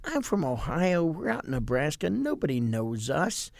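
Give me a man playing a teasing preacher with a high, bouncy voice. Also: wildly swooping pitch, normal speed, vocal fry, dry recording, full character voice. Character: jovial older male preacher, teasing.

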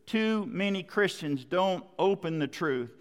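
A man's voice: high voice, animated, measured pace, long reverb tail. A man preaching a sermon in an emphatic, repetitive cadence, speaking to a congregation.

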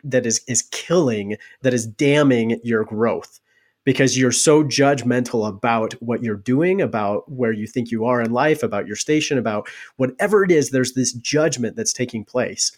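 A man's voice: medium pitch, normal speed. Thoughtful male podcast host. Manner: thoughtful, reflective, builds on the guest's points. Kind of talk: podcast interview talk.

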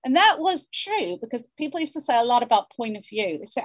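Husky-voiced woman novelist musing aloud. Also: a little high, fairly quick, hardly any pauses, no echo. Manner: rambling, musing, many restarts. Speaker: novelist guest. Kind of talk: reflective interview conversation.

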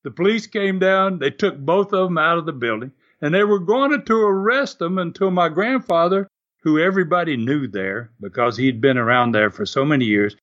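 An older man with a drawl spins lively wrestling yarns, chuckling through them. His voice sits fairly high for a man, and the recording sounds dull and lo-fi. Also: normal speed. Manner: animated storyteller, laughs often. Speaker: former wrestler, guest. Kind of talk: storytelling interview.

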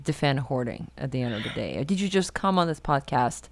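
A woman's voice: rumbling low, animated, dry recording. Teasing woman host, dry sound. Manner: teasing, quick questioning. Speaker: podcast host. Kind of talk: casual comedy chat.

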